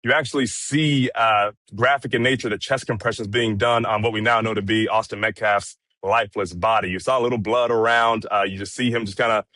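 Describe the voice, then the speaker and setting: A man recounts a day of trial testimony in a calm, measured voice, padding his sentences with fillers. The sound is dry and close to the mic, with no room around it. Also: on the low side, dry recording. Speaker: courtroom correspondent. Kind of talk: casual commentary chat.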